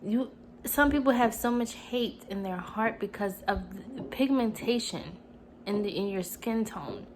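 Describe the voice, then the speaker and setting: A woman's voice: fairly high pitch, a little slow, a little hiss or hum, low-quality recording. Earnest young woman vlogging from home. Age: 20s. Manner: earnest, emotional, rambling with many "you know"s. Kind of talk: casual personal vlog. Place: at home, TV on mute.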